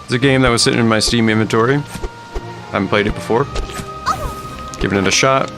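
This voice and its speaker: Over video game music, a man speaking a little fast in a medium-pitched voice offers casual gaming commentary. He's streaming, rambling and chatting with viewers while he plays.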